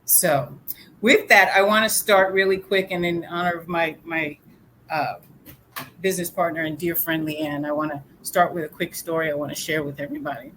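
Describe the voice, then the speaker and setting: A woman giving a motivational talk as a guest speaker in an animated, storytelling way. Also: sits low, normal speed, slight background noise.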